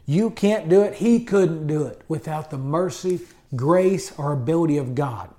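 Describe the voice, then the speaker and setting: A man's voice: a little high, animated, moderate pace, mellow. A man preaching a sermon in an emphatic style, often adding amens and hallelujahs. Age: adult with college degree. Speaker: pastor.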